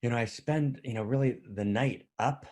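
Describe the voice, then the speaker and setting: A man's voice: mid-range voice, normal speed, darkish tone. A tired man giving an earnest, livestreamed spiritual talk, often checking in with his listeners. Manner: earnest, repetitive, often asks "right?". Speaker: spiritual teacher.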